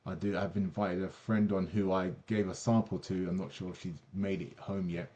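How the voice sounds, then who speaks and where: Man, host, online call, enthusiastic, halting with fillers, lowish voice. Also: little pitch movement, warm tone, lo-fi sound. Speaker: host of product presentation.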